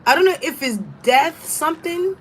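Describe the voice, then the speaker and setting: A woman's voice: sits high, moderate pace, a little hiss or hum, rough recording. A woman reading tarot and giving casual spiritual advice in a blunt, emphatic, profane way. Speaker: tarot reader.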